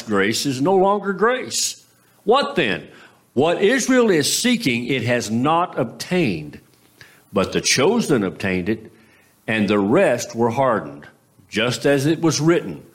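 A man preaching an expository sermon, reading scripture aloud and explaining it, with small slips and self-corrections. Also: fairly high pitch. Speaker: pastor.

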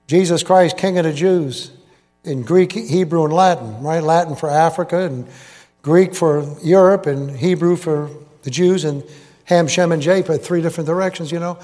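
A man's voice: a little high, moderate pace, mellow, faint music behind. A man preaching a rambling sermon to a live congregation, folksy and digressive, quizzing the crowd as he goes. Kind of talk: rambling sermon with jokes and asides. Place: large hall with live congregation. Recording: echoey hall reverb.

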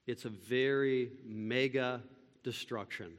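A man preaching a sermon, building from steady teaching to loud, impassioned pleading. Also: medium pitch, slow, long reverb tail. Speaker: pastor.

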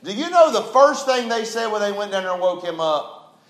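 A man's voice: high-pitched, lively intonation, a little fast, fairly bright tone. A man preaching a sermon, telling folksy stories and building to fervent calls. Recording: roomy echoing hall.

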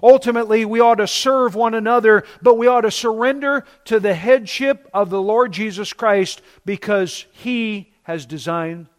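A pastor in his fifties preaches in a high, light voice. He is emphatic, and he drags out key words slowly to make them land. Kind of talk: sermon.

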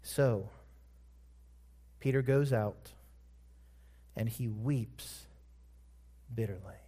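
Slow, emphatic preaching man. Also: mid-range voice, warm tone. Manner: slow, emphatic storytelling with drawn-out words. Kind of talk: sermon.

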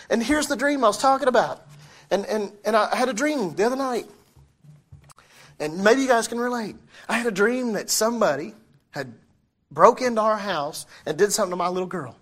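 A man's voice: sits high, animated, a little fast, fairly bright tone. Man preaching a casual, questioning sermon. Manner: conversational preaching, asks the congregation questions; reads scripture aloud, self-correcting. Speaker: pastor.

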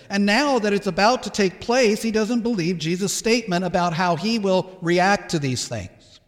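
Male pastor, sermon delivery, emphatic, slightly high voice, long church reverb. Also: expressive, normal speed. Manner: emphatic, acts out Peter's protests.

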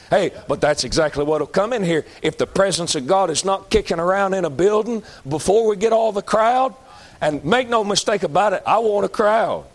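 A male pastor preaching a folksy sermon that climbs to shouting. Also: sits high, moderate pace.

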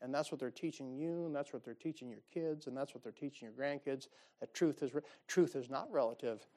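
A man's voice: mid-range voice, brisk, warm tone. A man preaching a sermon in a folksy, emphatic way, with many asides to his listeners. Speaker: pastor.

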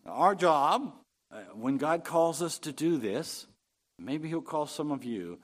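A male pastor delivers a sermon at an unhurried pace. His pitch ranges widely, swelling higher and louder on the words he stresses as he reads scripture. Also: very animated.

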